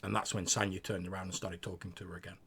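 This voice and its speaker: A man's voice: deep voice, flat delivery, quick pace, a bit bright, husky. A man narrating as game master, describing scenes with frequent stammered restarts.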